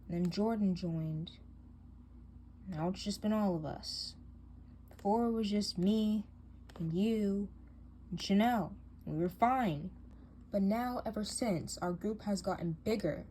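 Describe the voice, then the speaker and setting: A woman's voice: on the low side, dark tone. A woman voicing a bossy, scheming teen girl in a doll drama, cold and taunting, with faint hiss behind her.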